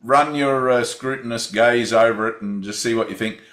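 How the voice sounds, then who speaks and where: Gentle man leading a group call. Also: medium pitch, moderate pace, roomy sound. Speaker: spiritual teacher leading a group session. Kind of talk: relaxed group video call.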